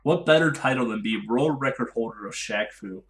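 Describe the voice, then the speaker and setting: A man's voice: medium pitch, a little fast. A man co-hosting a casual podcast, joking and laughing often as he talks through upcoming speedrun events. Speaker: podcast co-host. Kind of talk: casual chat.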